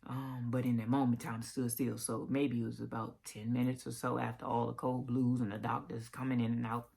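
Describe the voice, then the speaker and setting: A woman's voice: extremely low pitch, flat delivery, fairly quick, gravelly, warm tone, breathy edge. A woman vlogger telling a personal story in a casual, emotional way, with restarts and occasional whispered asides.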